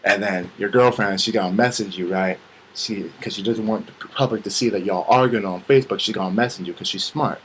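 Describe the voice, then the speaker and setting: A man's voice: fairly low pitch, brisk, a little hiss or hum, poor audio. A young man ranting casually and comically, with lots of swearing, acting out bits of dialogue as he goes. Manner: profane, animated, acts out quoted dialogue. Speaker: vlogger. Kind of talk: casual comedic rant.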